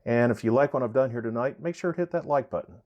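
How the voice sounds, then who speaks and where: A man hosting a woodshop channel, explaining pricing in a relaxed, rambling way with many fillers and self-corrections. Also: mid-range voice, fast talker, dull audio. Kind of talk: casual how-to explanation.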